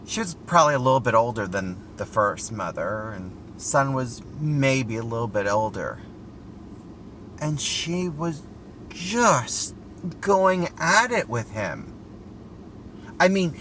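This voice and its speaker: A man's voice: mid-range voice, slow, pauses often, a little hiss or hum. A middle-aged man vlogging from a parked car, telling a story in an earnest, chatty way. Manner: chatty, earnest, lively with rhetorical questions. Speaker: style vlogger. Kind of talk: casual storytelling commentary. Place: inside a parked car outside a store.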